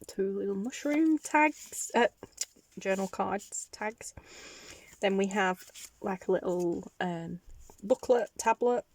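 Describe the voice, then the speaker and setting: A woman's voice: mid-range voice, takes it slowly, a little mellow, slight background noise. A woman with a Northern English accent chatting casually to her viewers, rambling and giggly. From Northern England. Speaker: craft vlogger. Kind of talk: casual chat to camera.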